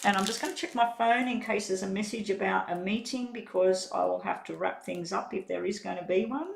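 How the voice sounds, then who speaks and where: A woman giving a live-stream tarot reading, talking in a relaxed, rambling way as she eats and sets out cards. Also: mid-range voice, a little fast, vocal fry. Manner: relaxed, rambling, chats while eating. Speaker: tarot reader.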